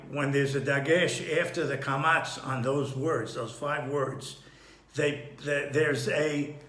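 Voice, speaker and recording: A man giving an unhurried Torah study lesson, thinking aloud with frequent restarts and throat-clearing. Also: fairly high pitch, sharp tone, roomy sound. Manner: clears his throat often. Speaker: Torah teacher.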